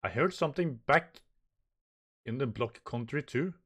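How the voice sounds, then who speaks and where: Man, manga reaction host, slow and halting reader, mid-pitched voice, stumbles over words. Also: lively intonation, a bit bright, slightly rough. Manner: halting, stumbles and repeats words while reading; reads the dialogue aloud in lightly raised voices. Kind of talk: reading aloud and reacting.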